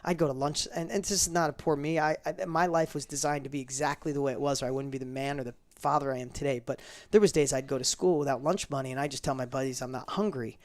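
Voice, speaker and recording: Fast-talking, gravelly middle-aged man. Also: medium pitch, steady tone. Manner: fast, emphatic, acts out quoted dialogue, repeats words. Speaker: guest telling a personal story. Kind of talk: animated interview storytelling.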